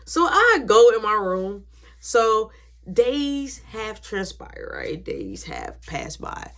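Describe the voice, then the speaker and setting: Animated young woman telling a family story. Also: on the high side, takes it slowly. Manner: animated, acts out quoted voices, drops to whispers. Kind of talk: casual storytime.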